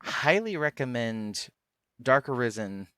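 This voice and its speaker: Guy streaming, smooth clear voice, talks up stuff he likes, trips over words, dry mic. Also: mid-range voice, unhurried, dry recording. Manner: relaxed, enthusiastic, stumbles and restarts. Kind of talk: casual chat on a live stream.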